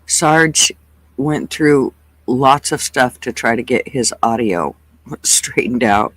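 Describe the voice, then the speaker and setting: A host chatting casually on a livestream, relaxed and greeting viewers one by one by name. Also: mid-range voice, takes it slowly, no echo, poor audio.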